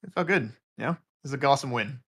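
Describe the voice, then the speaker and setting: Fast, bright-voiced young gamer guest. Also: male voice, medium pitch, animated, husky. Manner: rambling, lots of "you know". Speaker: esports player guest. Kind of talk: casual interview answers.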